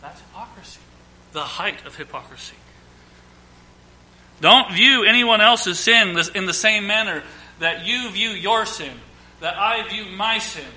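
A man, a pastor with young children, preaching a sermon, emphatic, repeating and listing phrases, swinging from loud declarations to quiet asides. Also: high-pitched, unhurried.

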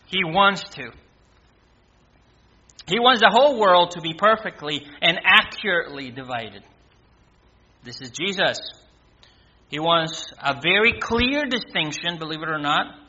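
A man's voice: high voice, pushed and bright, dull audio. A man preaching a sermon, emphatic, repeating key words and firing off rhetorical questions.

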